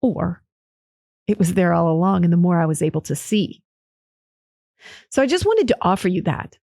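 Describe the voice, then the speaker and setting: A woman's voice: fairly low pitch, very animated, moderate pace, vocal fry, warm tone, no echo, clean studio sound. A woman hosting a podcast, telling a personal story in a candid, emotional, rambling way with many restarts. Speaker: podcast host.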